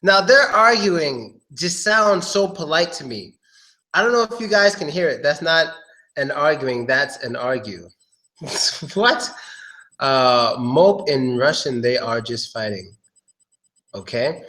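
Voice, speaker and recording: A man's voice: fairly high pitch, lively intonation, takes it slowly, pushed and bright. A man giving a casual, joking live-stream pronunciation lesson, talking straight to his viewers. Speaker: English pronunciation teacher.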